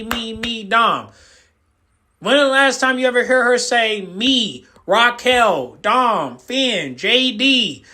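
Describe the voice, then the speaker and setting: A man's voice: very high-pitched, bright, forceful tone. A man giving ranting reaction commentary as a YouTube host, emphatic and repetitive, hammering the same words over and over. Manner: fired-up, lecturing the viewer.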